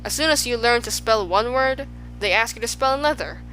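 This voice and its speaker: A woman's voice: a little high, expressive, brisk, fairly bright tone, soft background music, low-quality recording. A woman voicing a pompous, boastful male humbug in a storybook, speaking in a blustering, grandiose way.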